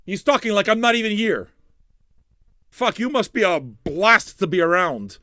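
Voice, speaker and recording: A man's voice: normal speed, no echo, studio quality. A man hosting a live music stream, chatting casually and swearing freely as he rambles, jokes and riffs on the viewers' messages. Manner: profane, rambling, joking with the chat; animated, suddenly loud, then low and mumbling. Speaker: streaming radio DJ host.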